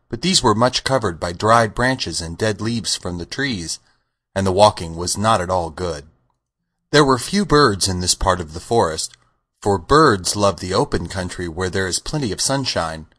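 Man narrating with lively low voice. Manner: measured, expressive storytelling. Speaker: audiobook reader. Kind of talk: scripted narration.

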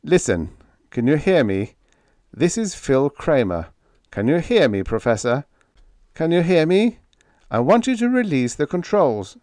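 A man's voice: a little high, sing-song, unhurried, darkish tone, dry recording, clean studio sound, voice pushed up. A man voicing an earnest younger man who urgently pleads over a ship's microphone, repeating his appeals. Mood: pleading.

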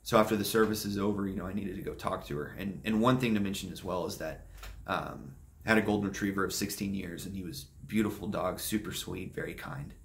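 A young man vlogging, softly telling a painful personal story with halting pauses and restarts. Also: deep voice, steady tone, gravelly, a little hiss or hum. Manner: soft-spoken, halting and emotional.

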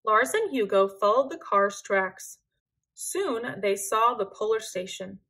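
A woman reading a children's picture book aloud in a gentle, expressive storytelling manner. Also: medium pitch, takes it slowly, breathy edge.

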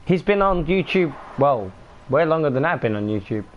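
Young male streamer, slightly high voice, animated frustrated live commentary. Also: moderate pace, dull audio, a little hiss or hum. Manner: frustrated swearing outbursts. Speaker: gaming streamer.

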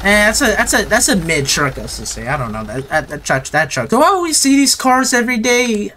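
A man's voice: sits high, big pitch swings, brisk, pushed and bright, slight background noise. A man giving casual, rambling gameplay commentary, chatting in slang to his viewers and to the customers in the game.

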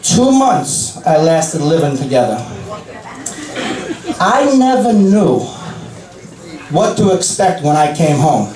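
A man's voice: a little high, sing-song, takes it slowly, long pauses. A man with a Long Island accent doing a crude, self-mocking stand-up set in a comedy club. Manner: brash, crude punchlines with self-mocking asides. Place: comedy club with a live audience. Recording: roomy club sound from a distant mic with loud crowd.

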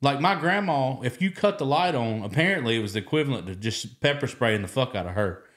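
A man's voice: mid-range voice, expressive, brisk, a bit bright. A man hosting a casual podcast chat, joking, laughing often and acting out the people he talks about. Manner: joking, laughs often, acts out quoted voices. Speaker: podcast host.

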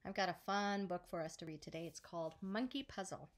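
A woman hosting story time, reading a picture book aloud to children and asking them gentle questions. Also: lowish voice, brisk. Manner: gentle, asks the listeners questions.

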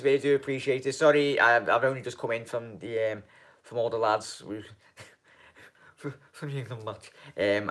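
A man hosting a fan channel live stream, chatting casually and rambling through viewers' comments with lots of ums and "mate". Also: fairly low pitch. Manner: rambling and halting, many ums, keeps calling viewers mate.

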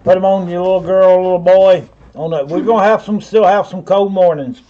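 A man's voice: sits high, steady tone, a little fast, warm tone, dull audio. A man with a Southern US accent running a live online auction, rambling in a folksy way and calling viewers by name. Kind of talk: live-stream auction patter.

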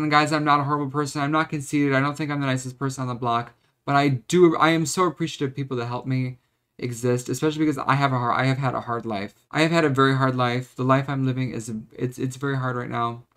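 A man's voice: mid-range voice, fairly bright tone. A young man in his twenties venting in a confessional vlog, rambling, choked up and close to tears, with frequent restarts. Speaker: vlogger.

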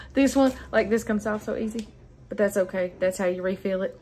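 A woman records a haul vlog indoors at home, talking casually and gushing with bubbly energy straight to her viewers, whom she calls "y'all." She has a medium-pitched, darkish voice at a moderate pace, and there's a little hiss or hum.

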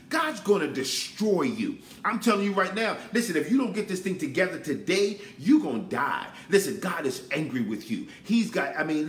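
A man's voice: fairly high pitch, roomy sound. A man preaching a sermon, emphatic and repetitive, often urging his listeners to listen.

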